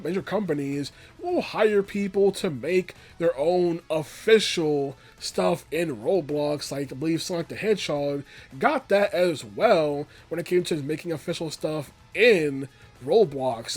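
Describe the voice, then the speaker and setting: Young man, higher-pitched voice, casual rambling commentary, soft music underneath. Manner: rambling and conversational, filler phrases. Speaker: video essay creator. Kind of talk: casual commentary video essay.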